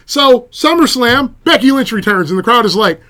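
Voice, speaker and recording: A man hosting a comedy podcast, telling a sarcastic and animated rant. His voice sits high with a bright edge. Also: normal speed. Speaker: podcast host.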